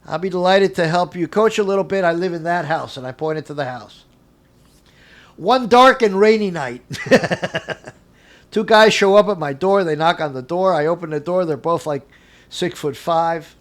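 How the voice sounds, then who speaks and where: An older man, a guest on an interview show, telling animated anecdotes from his career and acting out the dialogue with frequent chuckles. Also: a little high, moderate pace. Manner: acts out dialogue in quotes. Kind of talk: casual storytelling interview.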